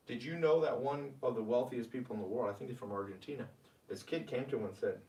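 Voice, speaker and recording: A man delivers money tips to a live audience with lively energy and a preacher's push. His voice sounds like it comes from a few steps off the mic, and the room around him echoes. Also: mid-range voice, fast, recorded from a distance. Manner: energetic, animated, preachy, reads viewer comments aloud. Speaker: host. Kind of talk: live-streamed money advice talk.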